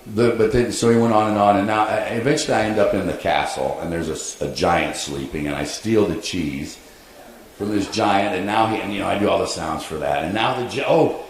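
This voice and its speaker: A man telling an animated story on a convention panel, quoting people and laughing along. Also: low-pitched, brisk. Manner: animated anecdote with laughs and acted-out quotes. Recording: echoey convention hall, faint noise.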